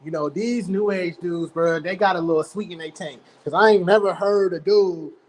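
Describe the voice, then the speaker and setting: High-voiced mocking man from California. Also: steady tone, moderate pace, low-quality recording. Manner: mocking, ranting. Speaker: stream guest. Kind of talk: casual boxing chat. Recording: faint background noise.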